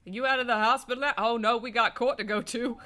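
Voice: medium pitch, fairly even intonation, fast, bright, forceful tone. A co-host chatting casually during a game playthrough, with jokey, laughing asides. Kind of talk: casual let's-play chat.

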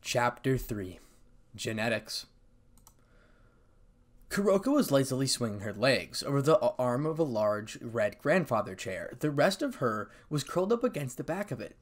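A man's voice: mid-range voice, moderate pace. Man reading a fan-fiction story aloud. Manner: plain, steady storytelling with stumbles. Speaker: story reader.

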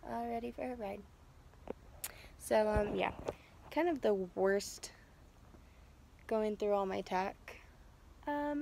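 A woman's voice: on the high side, creaky, darkish tone, a little hiss or hum. Stuffed-up young woman vlogging casually. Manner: rambling, filler-heavy, stops to correct herself. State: stuffed-up nose. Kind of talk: casual vlog talk.

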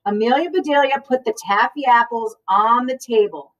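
A woman teacher reading a picture book aloud to children in a slow, expressive storytelling manner. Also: fairly high pitch. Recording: voice from a distance off the mic.

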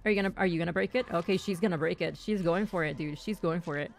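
A young woman streamer giving casual, excitable commentary on her own gameplay, chatty and repeating herself as she talks to her teammates. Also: lowish voice, quick pace, vocal fry, slight background noise. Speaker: gaming streamer.

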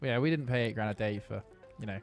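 A man chatting and teasing his friends while playing on a livestream, excitable in the game. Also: lowish voice, fast, soft background music. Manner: joking, teasing, excitable during play. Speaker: streamer and gamer. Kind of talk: casual livestream chat.

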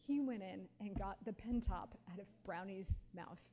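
This guest speaker, a woman in her forties with a medium-pitched voice at normal speed, tells stories during a live Q&A. Animated and quick to laugh, she leans on lots of casual fillers.

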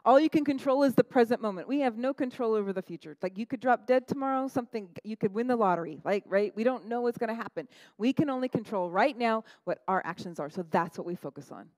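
Animated woman pastor preaching. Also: a little high, quick pace, few pauses, no echo, rough recording. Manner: animated, conversational, frequent "right?" asides. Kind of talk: sermon.

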